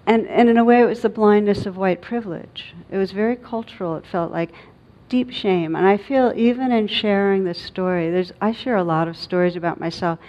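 A middle-aged woman, a meditation teacher, giving a dharma talk in a reflective, halting way with many pauses and fillers. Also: fairly low pitch. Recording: dull lo-fi recording.

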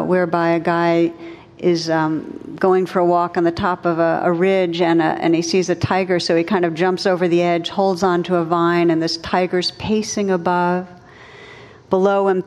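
A woman meditation teacher giving a dharma talk in a slow, gentle, reflective manner. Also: fairly low pitch, long reverb tail.

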